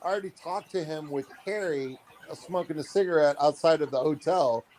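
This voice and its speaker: A man in his thirties with a fairly high voice tells a story at normal speed in his aquarium hobby vlog. He performs the quotes animatedly and fills his speech with fillers, against slight background noise.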